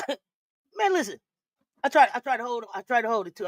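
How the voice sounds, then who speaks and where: A woman's voice: a little high, sing-song, moderate pace, pauses often. Giggly woman co-hosting a live stream. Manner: giggly, breaks into laughter, repeats phrases. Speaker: co-host. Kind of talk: casual live-stream chat.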